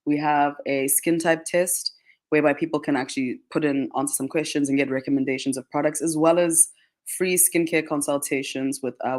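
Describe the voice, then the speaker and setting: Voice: mid-range voice, a little mellow. Chatty radio guest. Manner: chatty, lots of "like" fillers, laughs often. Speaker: guest, skincare brand marketing manager. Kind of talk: radio interview answers. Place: radio studio.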